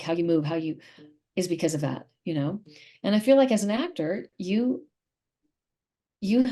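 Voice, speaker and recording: A woman's voice: medium pitch, warm tone. A middle-aged woman, an actress and interview guest, talking in a casual, emphatic and opinionated way.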